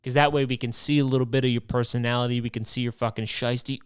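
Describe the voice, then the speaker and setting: A man's voice: medium pitch, steady tone, fast, few pauses, clean tone, no room sound, studio quality. A young man hosting a podcast, ranting comically with lots of swearing and rhetorical questions. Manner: profane, rambling, rhetorical questions. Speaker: podcast host. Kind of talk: comedic rant monologue.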